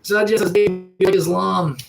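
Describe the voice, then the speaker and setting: A man's voice: sits high, steady tone, moderate pace, creaky, soft background music, low-quality recording. A man from Atlantic Canada with a cold, casually reading out and answering chat comments on a live stream. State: has a cold. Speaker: livestreamer. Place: sunroom.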